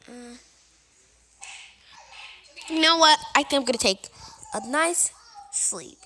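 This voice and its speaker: A woman narrating her game role-play with dramatic, excitable and often frightened exclamations. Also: high voice, slow pace, pauses often, slight background noise. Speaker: game player.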